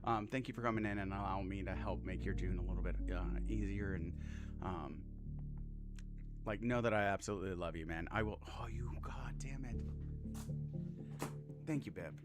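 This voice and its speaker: A man streaming a game, chatting casually and excitedly, swearing often, laughing and thanking viewers warmly. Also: on the low side, normal speed, pauses often, over music. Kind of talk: casual live-stream chat.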